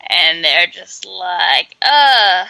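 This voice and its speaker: Bright, playful woman podcaster. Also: medium pitch, lively intonation, no room sound, rough recording. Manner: playful, jokey recapping with quick asides. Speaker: podcast co-host. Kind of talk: casual podcast chat.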